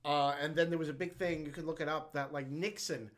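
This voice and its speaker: A man co-hosting a podcast in casual chat, agreeing often and pausing to find his words. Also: fairly high pitch, fairly even intonation. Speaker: podcast co-host.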